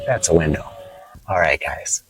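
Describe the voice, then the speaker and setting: A man teaching English vocabulary from inside his car, playful and explaining slowly with examples. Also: very deep voice, gravelly, a little hiss or hum, poor audio. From United States. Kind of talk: casual teaching vlog.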